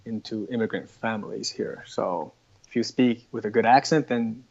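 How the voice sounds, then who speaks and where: A man's voice: fairly low pitch, a little mellow, breathy edge. Man with a North American accent, lo-fi. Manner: halting, thinking aloud with many restarts. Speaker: interview guest. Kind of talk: casual conversation.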